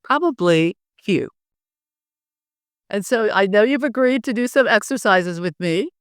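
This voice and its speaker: A middle-aged woman coaching public speaking, lively and often laughing as she demonstrates. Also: medium pitch, measured pace, clear, resonant tone, no room sound, studio quality. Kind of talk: instructive interview talk.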